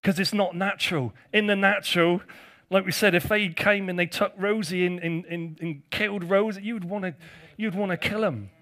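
A man's voice: sits high, steady tone, normal speed, hardly any pauses, fairly bright tone. A male pastor preaching a conversational sermon, with jokey asides to his congregation.

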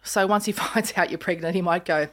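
A woman in her fifties with an Australian accent hosts a podcast, her voice lowish and a little fast. She's an animated storyteller in casual chat, performing the voices of the people in her stories.

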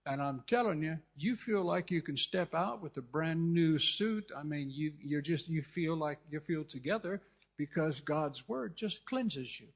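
A man's voice: on the high side, expressive, measured pace. A man from California preaching a sermon with fervent, repetitive delivery, often restarting and turning to the congregation with asides. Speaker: pastor. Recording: dull lo-fi recording.

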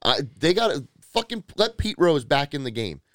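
A man's voice: on the high side, big pitch swings, moderate pace, fairly bright tone, dry recording, clean studio sound. A man co-hosting a podcast, stubbornly arguing his point, swearing and interrupting. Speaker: podcast co-host. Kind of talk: heated casual sports argument. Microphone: podcast microphone.

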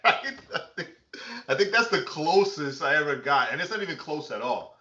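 A man who is a pastor chatting casually on a podcast, animated, laughing often and acting out quotes. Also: fairly high pitch, normal speed. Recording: echoey room, dull lo-fi sound.

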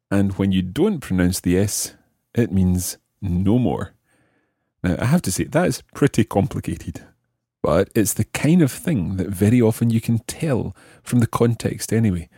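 A man hosting a language lesson podcast, explaining French phrases slowly and carefully. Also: fairly low pitch, warm tone, breathy edge, no room sound, clean studio sound. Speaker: language teacher host.

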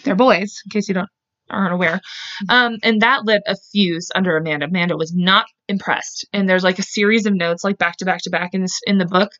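A woman's voice: mid-range voice, fairly even intonation, brisk, a bit bright, no echo. Chatty woman podcaster with a dry, dull sound. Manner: chatty, swearing, laughing asides. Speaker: podcast host. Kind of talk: casual storytelling chat.

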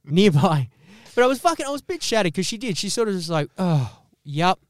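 High-voiced ranting Australian man. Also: fast talker, no room sound, clean studio sound. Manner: animated, swearing heavily. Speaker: podcast host. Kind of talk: profane comedic rant.

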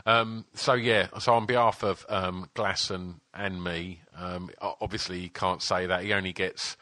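A man with a very low, bright, forceful voice, chatting loosely on a podcast. He swears freely, teases his co-host and fills pauses with ums. The sound is close and dry. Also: fairly even intonation, no echo. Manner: swearing, teasing, filler-heavy. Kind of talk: casual chat.

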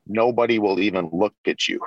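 A man's voice: fairly low pitch, a little fast, no echo, lo-fi sound, close to an everyday voice. A man doing a put-on Italian accent, voicing a blunt, assured Italian-American team-owner dad who speaks in curt commands.

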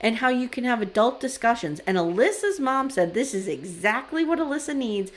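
A woman's voice: a little high, a little fast. A woman in her forties who co-hosts a podcast, animatedly retelling scenes in casual chat and acting out the quotes. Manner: animated storyteller, acts out quotes. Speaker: podcast co-host.

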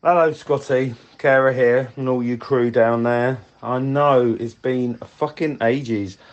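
A man's voice: medium pitch, steady tone, unhurried, highs cut off, heavy background noise. A man leaving a rambling, candid voice message for a podcast, swearing casually as he talks. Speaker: listener leaving a voice note.

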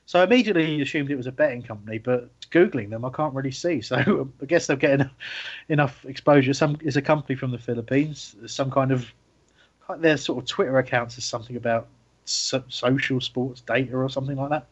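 A man's voice: medium pitch, fairly quick, husky, lo-fi sound. A man hosting a casual football podcast, chatty and self-mocking, often laughing as he talks. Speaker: podcast host.

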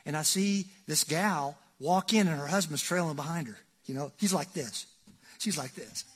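A man preaching a sermon as pastor, folksy and joking, swinging between loud emphasis and hushed asides. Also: on the high side, normal speed, husky.

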